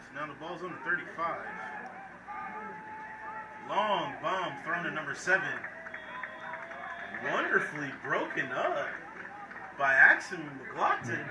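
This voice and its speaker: A man's voice: fairly high pitch, big pitch swings, unhurried, long pauses. Hyped man calling college football. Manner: hyped, playful, talks to viewers directly. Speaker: play-by-play announcer. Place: football stadium. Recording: echoey, distant mic with crowd noise.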